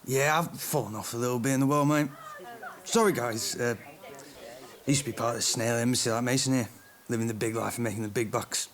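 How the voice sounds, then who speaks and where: A man's voice: medium pitch, fairly quick, natural voice. A man voicing a friendly, chatty male snail who has fallen on hard times, in an audiobook drama. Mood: surprised. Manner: chatty and eager, lively intonation.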